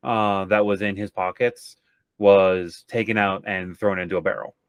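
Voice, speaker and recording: A man narrating as game master, unhurried and with many fillers. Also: sits low, steady tone, a crowd in the background.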